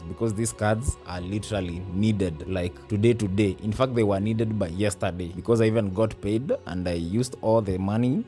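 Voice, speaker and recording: A man's voice: fairly low pitch, warm tone. A man with a Kenyan accent narrating a casual vlog voice-over, telling an exasperated story. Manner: exasperated storytelling, mixing English and Swahili slang. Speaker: vlogger.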